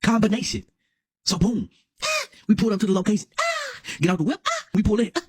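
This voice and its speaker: Excitable husky-voiced young man telling a story. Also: high voice, fast, no echo, studio quality. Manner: excitable, dramatic, repeats "you hear me", slangy. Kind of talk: animated comedic story time.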